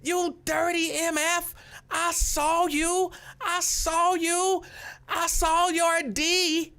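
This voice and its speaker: A man voicing a furious woman who screams and yells at a man she is chasing. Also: monotone, normal speed, full character voice. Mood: furious shouting. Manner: shrill yelling.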